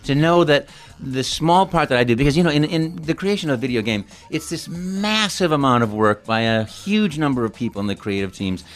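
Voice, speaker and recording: A man's voice: fairly high pitch, expressive, fairly quick, few pauses. A man, a voice actor being interviewed as a guest, talking in an earnest, enthusiastic way and stammering as he starts. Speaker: video game voice actor, guest. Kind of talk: casual interview chat.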